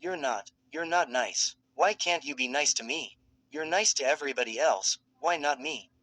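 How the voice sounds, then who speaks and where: A man's voice: fairly high pitch, moderate pace, sharp tone, no room sound. A man voicing a young woman who is crying and hurt, pleading in broken sentences during a fan fiction reading. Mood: tearful. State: crying, hiccuping.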